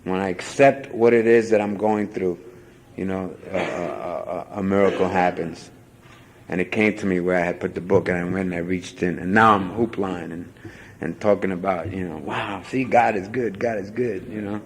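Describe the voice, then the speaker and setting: A man's voice: sits low, fairly even intonation, normal speed, slight background noise, rough recording. A man giving a rambling, self-mocking personal testimony at a convention, full of "you know" fillers. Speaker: speaker sharing recovery story at a convention.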